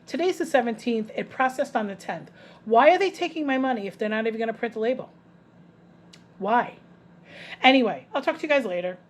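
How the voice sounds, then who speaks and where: A woman's voice: a little high, animated, brisk, long pauses. A woman in her fifties with a New York accent, chatting casually and bluntly through a product haul, rambling with restarts. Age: 50s. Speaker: vlogger, home fragrance seller.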